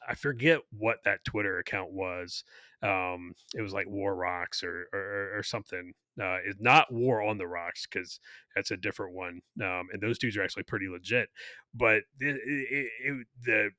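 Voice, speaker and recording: A man co-hosting a casual podcast, with a somewhat low yet bright, forceful voice. He rambles and restarts his sentences, leaning on fillers as he goes. The sound is close and dry. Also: no room sound. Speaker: podcast co-host; army veteran.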